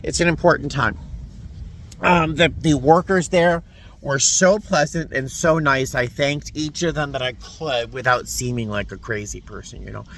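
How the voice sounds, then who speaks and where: A man films himself from inside a parked car and talks to his viewers. His voice has a bright, forward edge, and he speaks in an emotional, halting way, stopping and restarting his sentences. A faint background hum sits under the recording. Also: on the high side. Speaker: vlogger. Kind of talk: casual vlog to camera.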